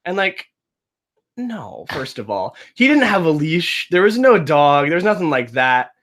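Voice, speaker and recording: A man's voice: fairly high pitch, measured pace. A young man hosting a casual podcast, telling a story with many restarts and acting out the people in it. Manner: animated storyteller, many restarts and "like"s, acts out the voices in his story. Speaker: game master and podcast host.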